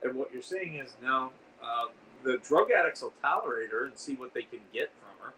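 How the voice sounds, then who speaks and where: A man's voice: mid-range voice, lively intonation, normal speed, pushed and bright. A man hosting a casual livestream, rambling and answering viewer comments as he reads them out. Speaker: livestream host. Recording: distant mic with faint background noise.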